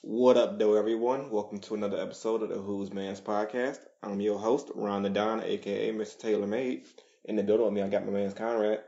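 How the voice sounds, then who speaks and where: A man's voice: on the low side, fairly even intonation, brisk, warm tone, soft background music. A man hosting a podcast, talking in a laid-back, slangy way and laughing easily. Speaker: podcast host. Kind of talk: casual chat. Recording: muffled lo-fi podcast recording.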